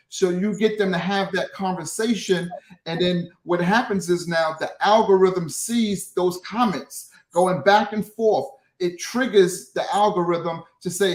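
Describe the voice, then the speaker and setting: A man's voice: high-pitched, moderate pace. A man as an interview guest, explaining his methods with frequent restarts and "right?" tags. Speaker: guest, social media creator. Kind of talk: interview answers. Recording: roomy echo.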